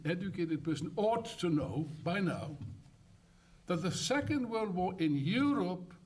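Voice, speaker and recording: An older man giving an impassioned, rambling congress speech, swinging from loud outbursts to muttered asides. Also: a little high, recorded from a distance. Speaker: political speaker. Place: conference hall.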